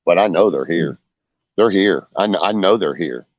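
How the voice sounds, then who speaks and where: A man's voice: deep voice, lively intonation, normal speed, a little hiss or hum. A man chatting casually while fishing by a lake at night, rambling and full of fillers. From Oklahoma. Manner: rambling, many fillers, storytelling. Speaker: vlogger, angler. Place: lakeshore outdoors at night. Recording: dull lo-fi outdoor audio.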